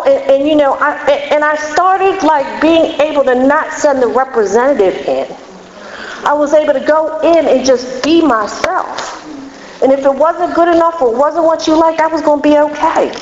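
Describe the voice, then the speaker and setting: A woman speaks frankly and earnestly, sharing her own story at a recovery meeting in a candid, conversational testimony. Her voice sits a little high and rings out with a long echo through a large hall. The recording sounds dull, with a faint hum of room ambience behind her.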